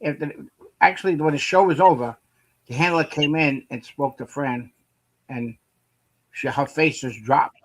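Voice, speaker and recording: A man's voice: a little high, unhurried, long pauses, low-quality recording. A man with a Brooklyn accent, co-hosting a casual chat, telling stories in a rambling way that repeats phrases and swears. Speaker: co-host.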